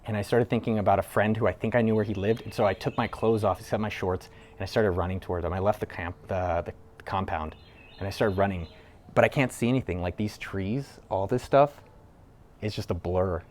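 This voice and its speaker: Host, male, slightly low voice, telling a raw personal story in a casual, rambling way. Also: a little fast, a little mellow, a little hiss or hum. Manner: loose and conversational, with frequent "like" fillers and casual swearing. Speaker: entrepreneur video host. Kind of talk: candid personal storytelling to camera.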